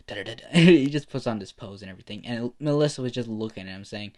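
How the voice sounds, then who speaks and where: A man's voice: mid-range voice, quick pace, few pauses, a little mellow. A man narrating an improvised fan story, rambling and restarting his sentences often.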